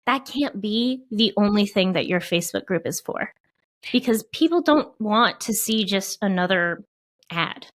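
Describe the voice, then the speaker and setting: Woman with a stuffed up nose chatting fast on a podcast, laughs at herself. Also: mid-range voice, expressive. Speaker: podcast co-host. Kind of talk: casual podcast chat.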